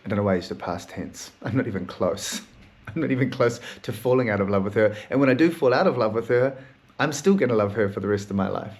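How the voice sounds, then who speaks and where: A man's voice: fairly low pitch, expressive, fast talker, darkish tone. A man hosting a solo podcast, talking in a raw, emotional, rambling way and swearing often. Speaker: podcast host.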